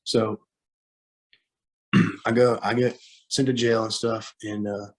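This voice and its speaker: A young man, a guest on a talk show, telling a hard personal story, halting with fillers and restarts, close to tears at times. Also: lowish voice, flat delivery. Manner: halting, with many fillers and repeated starts.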